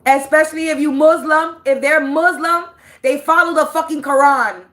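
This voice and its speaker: A woman's voice: sits high, fairly even intonation, moderate pace, a bit bright. A woman, a spiritual reader, ranting on a livestream in a blunt, profane and preachy way, drawing out words for emphasis. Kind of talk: livestream rant.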